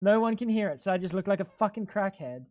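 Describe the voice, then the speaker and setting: A man livestreaming a game, talking to his chat in an excitable, rambling way and swearing often. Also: sits high, fast talker, dull audio. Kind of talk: casual gaming stream chatter.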